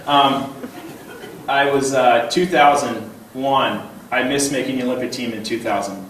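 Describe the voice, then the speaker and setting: A man's voice: mid-range voice, measured pace, slight background noise. Chuckling man telling stories in an echoey hall. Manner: animated, chuckling often, repeats words when starting a thought. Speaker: banquet keynote speaker. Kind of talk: humorous personal storytelling speech. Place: large banquet hall. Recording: very echoey hall, voice heard from a distance.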